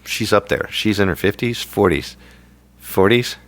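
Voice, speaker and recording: A man's voice: on the low side, measured pace. A man co-hosting a podcast, chatting casually in a rambling, jokey way. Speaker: podcast co-host. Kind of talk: casual chat.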